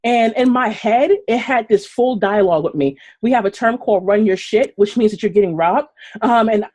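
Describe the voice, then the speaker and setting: A woman's voice: medium pitch, moderate pace. A woman from Brooklyn, a guest on a live video chat, telling stories casually and acting out quoted lines with laughs. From Brooklyn, New York. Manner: animated, laughing, acts out quotes. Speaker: guest runner.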